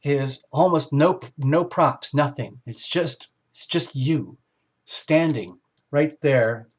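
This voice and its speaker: A man giving a casual, rambling tarot reading, animated and exclamatory as he talks to his viewers. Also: fairly high pitch, takes it slowly, husky. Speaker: tarot reader.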